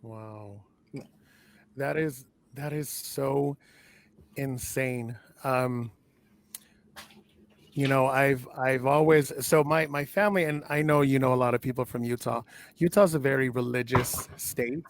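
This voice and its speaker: A man's voice: medium pitch, steady tone, measured pace, gravelly, long pauses, a little hiss or hum. A middle-aged man hosting an interview, chatty and effusive, often repeating his praise. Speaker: interview host. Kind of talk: casual interview talk.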